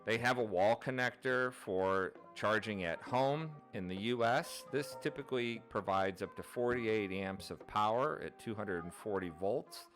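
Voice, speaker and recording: A man with a fairly low voice narrates an explainer at an even, methodical pace, ticking through points one after another. Faint music plays softly beneath his voice-over. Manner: steady, methodical, lists items one by one. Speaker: channel host.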